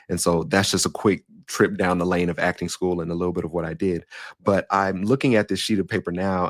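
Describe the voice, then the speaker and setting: Deep-voiced young man, nasal rasp. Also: dry recording, clean studio sound. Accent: African American English with Southern touches. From Denver, Colorado. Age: young adult. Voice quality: slightly nasal and raspy. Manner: storytelling, shifts voice up and down. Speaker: podcast host and coach. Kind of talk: casual monologue.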